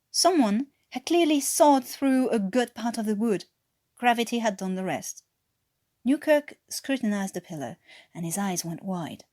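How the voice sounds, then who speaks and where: A woman with a French accent, a native French speaker, reading a fan-written story aloud in measured narration. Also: medium pitch, animated, a little mellow. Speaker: fan fiction reader.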